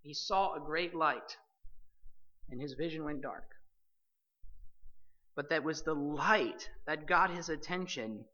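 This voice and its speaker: In a bright, forceful voice of medium pitch, a preacher delivers a sermon slowly, with long pauses, stressing each point and addressing listeners directly as believers. The recording is dull and lo-fi, its top end muffled.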